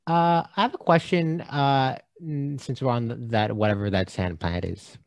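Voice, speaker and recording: A man's voice: medium pitch, steady tone, moderate pace, vocal fry, dry recording. A man co-hosting a film podcast in a casual chat. He is jokey and stumbles over his words. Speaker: podcast co-host. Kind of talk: casual movie discussion.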